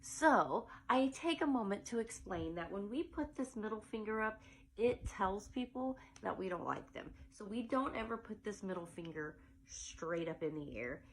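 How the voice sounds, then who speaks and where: A woman's voice: mid-range voice, lively intonation, normal speed, a little hiss or hum, rough recording. A middle-aged woman, a preschool teacher explaining a finger song and singing it in playful, changing voices. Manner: playful, changes her voice for silly sung characters.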